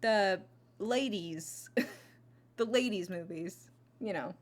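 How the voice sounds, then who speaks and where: A woman reviews movies on her vlog, chatting casually into a close mic in a mid-range voice. She takes it slowly with long pauses and rambles, using lots of fillers and restarts.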